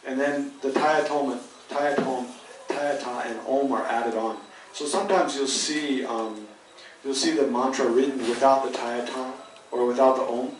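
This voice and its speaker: A man leads a Buddhist study class in a patient, halting way and often restarts mid-sentence. He sounds set back from the mic. The room rings with a strong echo and a faint hiss. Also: medium pitch. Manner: patient, thinking aloud with frequent restarts. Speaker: Buddhist teacher. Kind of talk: dharma class lecture. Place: teaching hall. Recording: roomy hall, mic at a distance.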